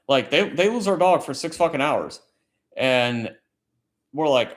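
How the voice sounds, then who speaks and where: A man's voice: on the high side, lively intonation, unhurried, pauses often. A man hosting a casual late-night chat stream, telling a long story in a rambling, profane way. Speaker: livestream host; military service member.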